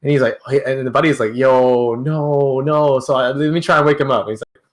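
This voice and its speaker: A young man telling a story to a friend, slangy and animated, tripping over his words and starting over. His pitch sits at an ordinary middle level for a man. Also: fast. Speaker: guest. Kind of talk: casual storytelling.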